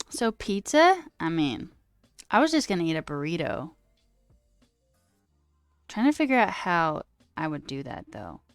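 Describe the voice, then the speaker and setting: A woman's voice: on the low side, sing-song, slow pace, long pauses, no echo, faint music behind. A woman streamer chatting casually and reading chat aloud, rambling, laughing often and swearing now and then.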